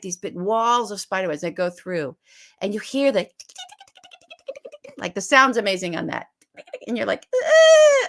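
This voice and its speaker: A woman co-hosting a political podcast, talking emphatically and fast and retelling scenes vividly as she makes her case. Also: a little high, a bit bright. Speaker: podcast co-host. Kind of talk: animated political podcast talk.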